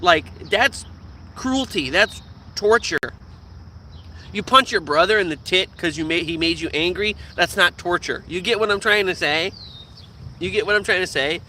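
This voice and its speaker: A man ranting casually to camera as a vlogger, profane and animated, slipping into quoted voices. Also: high-pitched, moderate pace, a little hiss or hum.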